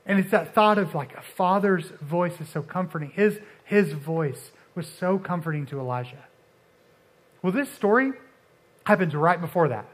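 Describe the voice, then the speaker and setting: A young man with a notably high voice gives a relaxed, conversational sermon. He stops and restarts often, fills gaps with "um" and "like", and slips into quick acted-out lines for the Bible figures in his story. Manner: conversational, halting, many restarts and fillers. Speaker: preacher. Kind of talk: casual sermon.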